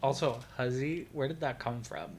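A man's voice: mid-range voice, normal speed, vocal fry, a little hiss or hum. A young man co-hosting a podcast, chatting casually in a sassy, profane, teasing way. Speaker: podcast co-host. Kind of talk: casual chat.

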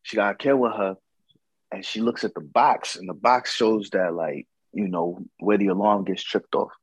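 Low husky-voiced man telling a story. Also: moderate pace, no echo, dull audio. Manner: slangy, profane, animated quoting of others. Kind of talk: casual storytelling.

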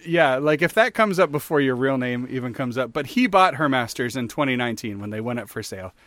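A man's voice: mid-range voice, fairly quick, dry recording. Podcast co-host, male, rambling chatty storyteller, dry close mic. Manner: rambling, animated storyteller with many fillers. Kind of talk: casual chat.

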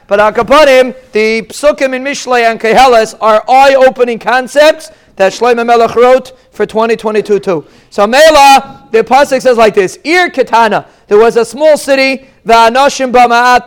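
High-voiced animated man giving a Torah lesson. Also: clear, resonant tone. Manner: animated, storytelling, pitch jumps up for emphasis. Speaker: Torah teacher giving a daf shiur. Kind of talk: lively Torah lecture with Yiddish and Hebrew terms.

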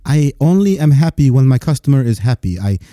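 A man's voice: medium pitch, very animated, brisk, dark tone, no echo, studio quality, pitched above the performer's own voice, natural voice. A man voicing an overly eager male call-center agent who talks with an Indian accent in a formal, effusive, babbling way.

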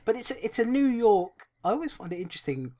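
A man's voice: sits high, big pitch swings, fast talker, mellow. A man co-hosting a podcast, chatting casually about a film in a rambling, jokey way with frequent restarts. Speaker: podcast co-host. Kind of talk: casual film review chat.

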